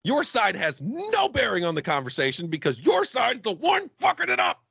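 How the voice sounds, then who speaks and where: A man's voice: high voice, wildly swooping pitch, normal speed, vocal fry, a bit bright, breathy edge, no echo, dull audio. A man co-hosting a comedy podcast over a call, ranting in crude, mock-angry banter. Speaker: podcast co-host. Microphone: remote call mic.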